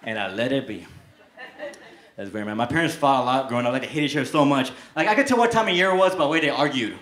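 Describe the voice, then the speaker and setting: A young man doing a stand-up comedy set, telling deadpan stories and breaking into brief put-on voices. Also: mid-range voice, quick pace, noisy background. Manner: deadpan storytelling with brief shouted character bits. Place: comedy club stage. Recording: echoey club with loud crowd.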